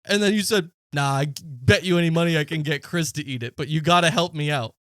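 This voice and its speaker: A man's voice: on the high side, fast talker, fairly bright tone. A man in his late twenties, a podcast co-host, telling a story in casual chat and acting out the quotes with plenty of swearing.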